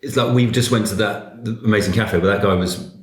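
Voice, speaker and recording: A man's voice: lowish voice, fairly quick. Chatty man in an echoey room. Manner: animated, chatty, slips into quoted voices. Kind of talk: casual advice chat. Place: cafe.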